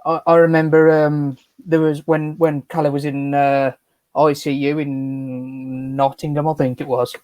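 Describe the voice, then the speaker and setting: A fairly high-voiced man, co-hosting a chatty podcast. He speaks earnestly and stumbles over restarts. The sound is dry and close. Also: level tone, measured pace, darkish tone, no echo, muffled recording. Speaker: podcast co-host. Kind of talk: casual chat.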